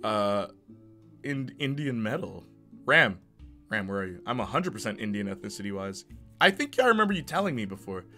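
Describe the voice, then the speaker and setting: Bright-voiced jokey male streamer. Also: fairly low pitch, sing-song, normal speed, faint music behind. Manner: jokey, laughs often, talks to chat. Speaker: live streamer. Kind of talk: casual live-stream chat.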